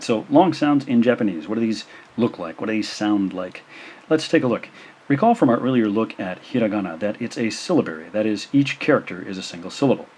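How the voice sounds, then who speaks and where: Low-voiced man teaching slow pronunciation drills. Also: slightly rough. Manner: slow, careful pronunciation drills with frequent "uh" fillers. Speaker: language teacher. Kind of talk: recorded lesson narration.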